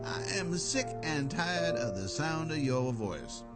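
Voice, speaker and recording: A man playing a brash defender of a barricaded house, talking in a loud, blustering and sarcastic way in a comic parody. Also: on the high side, big pitch swings, slow pace, music in the background. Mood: angry.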